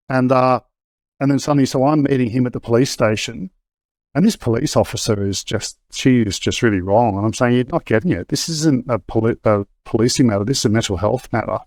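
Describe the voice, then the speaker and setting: A man's voice: mid-range voice, a little fast, darkish tone, no room sound. A middle-aged Australian man, a guest in an interview, telling a personal story candidly and conversationally, restarting often. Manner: conversational, with frequent restarts and fillers.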